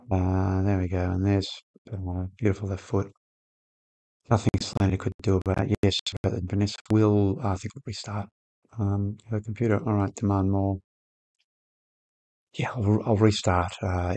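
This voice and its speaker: Gravelly man commentating a football game. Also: on the low side, moderate pace. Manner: excitable, shouts at players on screen. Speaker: gaming channel host. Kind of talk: casual gameplay commentary.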